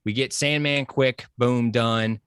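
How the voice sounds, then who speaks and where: A man excitedly discussing a movie, acting out lines and laughing often. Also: medium pitch, takes it slowly, smooth, no echo, studio quality. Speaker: podcast guest.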